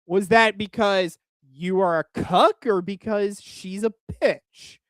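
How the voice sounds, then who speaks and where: A man's voice: sits high, steady tone, slow pace, fairly bright tone, no echo. A young man from Oklahoma giving crude, exasperated reaction commentary on a video as a streamer, with frequent restarts.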